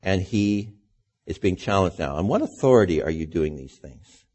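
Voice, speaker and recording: A male preacher delivers a sermon in a relaxed, conversational way. His voice is warm and a little husky. He keeps turning to his listeners with rhetorical questions. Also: low voice, moderate pace.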